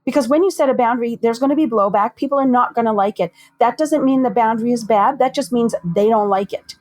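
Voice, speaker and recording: A woman therapist speaks as a podcast guest in a measured, reflective way. Her voice sits a little high and stays calm and deliberate. The sound is dry and close. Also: no room sound. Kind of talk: measured, reflective interview talk.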